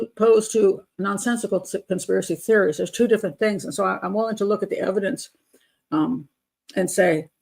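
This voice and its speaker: An older woman with a medium-pitched, gravelly, darkish voice hosts a live chat show. She is blunt and opinionated, laughing often as she reads viewer comments aloud.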